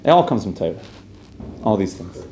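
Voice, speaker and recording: A man's voice: low-pitched, very animated, normal speed, darkish tone. Casual man teaching a class in an echoey room. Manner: chatty, asks the group questions, loose with "like". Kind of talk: casual Torah class with storytelling. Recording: roomy echo, faint room noise.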